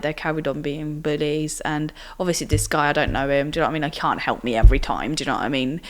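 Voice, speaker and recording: A woman's voice: fairly low pitch, fairly bright tone. A young woman in her twenties, telling her own story as a podcast guest in a chatty way full of fillers like "like" and "do you know what I mean". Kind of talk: personal storytelling in interview.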